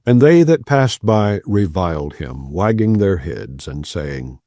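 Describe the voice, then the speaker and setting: Deep slow male scripture reader. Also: lively intonation, mellow, no room sound, studio quality. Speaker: Bible reader. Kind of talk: unhurried scripture reading.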